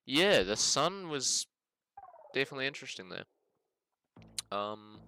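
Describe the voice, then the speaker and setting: A man's voice: on the low side, pushed and bright, clean tone. A man with a New Zealand accent doing casual game commentary, thinking aloud as he plays, hedging and musing with frequent use of the word bloody. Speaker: gaming video host.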